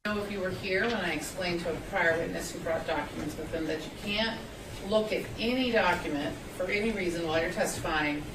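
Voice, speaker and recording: A woman's voice: on the low side, fairly quick. A woman serving as judge, firmly instructing a witness in court. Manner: firm, stern. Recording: echoey courtroom, distant mic, noisy.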